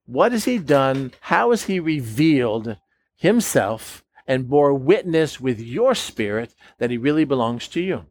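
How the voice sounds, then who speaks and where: A man's voice: mid-range voice, sing-song, measured pace, dry recording. A man preaching a sermon, emphatic, often questioning his listeners and acting out the voices of doubtful believers. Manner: emphatic, asks the audience questions, acts out quoted voices.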